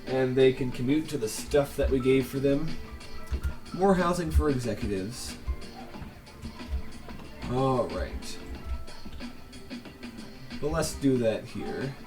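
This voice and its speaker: A man talks through his city-building game at an unhurried pace, with chatty, joking asides. His voice sits at an ordinary middle pitch, with faint game music playing underneath. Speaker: let's play host. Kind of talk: casual gameplay commentary.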